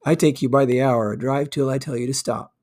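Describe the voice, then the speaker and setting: A man voicing a careless, light-hearted young gentleman who talks in a cheerful, airy way. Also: mid-range voice, steady tone, a little fast, close to an everyday voice.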